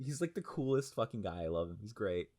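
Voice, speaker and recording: A man on a podcast talking casually about an anime episode, rambling, excitable and full of swearing. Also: fairly low pitch, a little fast. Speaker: podcast co-host.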